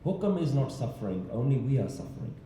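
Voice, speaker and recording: A man's voice: mid-range voice, sing-song, quick pace, dark tone, slight background noise. A man giving a sermon-style talk in a large temple hall, telling a story and asking rhetorical questions. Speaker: religious speaker. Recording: echoey hall, distant mic.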